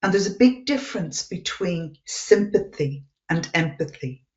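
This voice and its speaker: Female webinar panelist, earnest, animated, lo-fi call audio. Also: lowish voice, measured pace. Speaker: webinar panelist, coaching expert. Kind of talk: conversational webinar talk.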